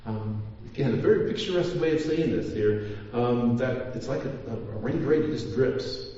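A man's voice: mid-range voice, normal speed, warm tone. A man preaching a sermon as pastor, talking in a rambling way with many restarts and fillers. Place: church. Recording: echoey church hall, mic far off, dull.

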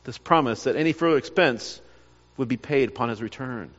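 A man's voice: medium pitch, a little fast, a bit bright, in a large hall, muffled recording. A man preaching a sermon, earnest, often repeating words and restarting phrases as he presses his point. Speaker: pastor.

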